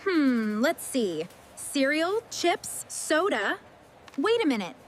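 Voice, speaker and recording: A woman plays a chirpy little cartoon monkey boy with a very high, bouncy voice. He talks slowly and eagerly, ticking things off to himself. Soft music plays underneath. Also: very animated, slight background noise, exaggerated voice. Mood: busy. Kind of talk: children's cartoon voice acting.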